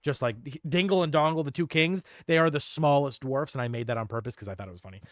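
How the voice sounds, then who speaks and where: A man's voice: mid-range voice, fast talker, fairly bright tone, dry recording, clean studio sound. A young man narrating as game master of a tabletop game, rambling and restarting words.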